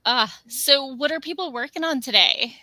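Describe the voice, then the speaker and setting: A woman's voice: sits high, moderate pace, bright, forceful tone, dry recording. A woman co-hosting a casual live stream, chatting and reading out comments from the chat. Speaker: stream co-host.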